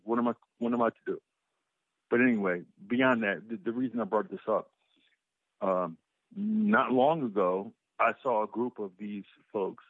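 A man co-hosting a casual talk show, telling an animated story with lots of swearing and stumbling restarts. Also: fairly low pitch, dry recording. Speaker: co-host. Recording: muffled lo-fi sound.

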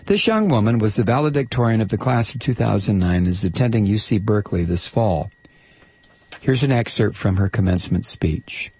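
A man with a gravelly, slightly husky voice reads a listener's letter on a talk show. He is emphatic and sarcastic and stretches out the words he wants to stress. The sound is dry and close. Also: lowish voice, animated, a little fast, darkish tone, no room sound. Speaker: talk radio host reading a listener letter. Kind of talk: reading a letter aloud on air.

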